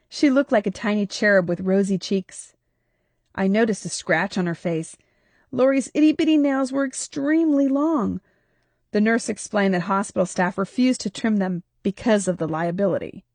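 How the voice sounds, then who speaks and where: Lady reading her own novel aloud, animated on questions, dry studio sound, close mic. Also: dry recording. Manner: expressive, pitch jumps on questions and exclamations. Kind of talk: first-person audiobook narration.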